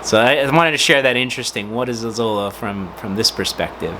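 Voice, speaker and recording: A man's voice: medium pitch, brisk, sharp tone, slight background noise. A man hosting his own channel, telling a casual family-name story with lots of fillers and restarts. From United States. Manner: rambling, with many fillers and restarts. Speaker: host of a personal video channel.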